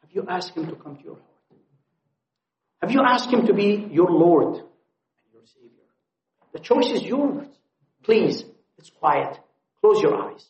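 A man preaching a sermon at a conference, pleading and impassioned, swinging from loud appeals to hushed tones. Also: high voice, expressive, a little slow, pauses often. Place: conference hall. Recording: echoey, dull lo-fi hall recording.

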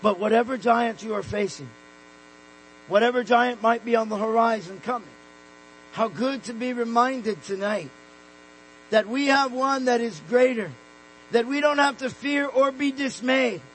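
A man preaching a sermon, emphatic, slowing down and dropping soft on key words. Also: extremely high pitch, slight background noise, rough recording. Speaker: pastor.

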